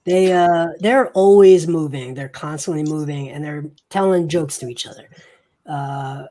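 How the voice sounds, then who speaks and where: A game master narrating a tabletop game, talking in a slow, halting way with fillers. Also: mid-range voice, dark tone.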